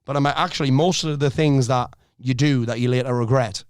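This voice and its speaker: A middle-aged man speaks as a podcast guest, direct and energetic, with plenty of swearing. His voice sits at an ordinary middle pitch. The recording is dry, with no room echo. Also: fairly quick, clear, resonant tone. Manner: blunt, energetic, swears freely. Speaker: life coach, podcast guest. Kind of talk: casual podcast conversation.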